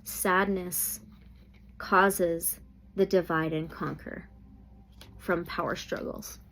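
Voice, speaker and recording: A woman's voice: on the low side, fairly even intonation, takes it slowly, a bit bright, slight background noise. A woman doing a tarot reading, thinking aloud and often exclaiming. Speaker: tarot reader.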